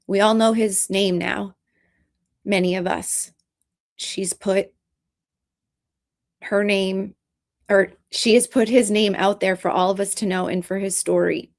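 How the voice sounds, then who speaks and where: A woman speaks in a casual commentary vlog, earnest and emotional, her delivery halting with restarts. Her voice sits at a middling pitch with a gravelly, fry-laden texture. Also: steady tone. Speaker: vlogger.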